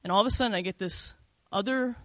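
A woman's voice: mid-range voice, quick pace, a bit bright, dry recording. A middle-aged woman telling a first-person story in a candid, conversational way, full of "like" and "you know".

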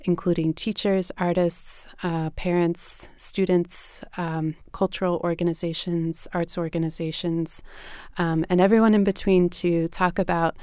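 Flat-toned woman, clear studio voice. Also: on the low side, no room sound. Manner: measured, many fillers. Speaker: arts education director, guest. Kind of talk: interview answers.

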